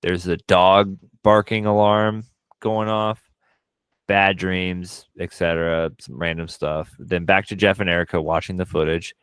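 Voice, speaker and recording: A low-voiced man retelling a movie plot in a casual podcast chat. His voice is smooth and resonant, and the sound is dry and close. He talks in quick animated bursts and swears often. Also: no echo. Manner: frequent profanity. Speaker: podcast co-host.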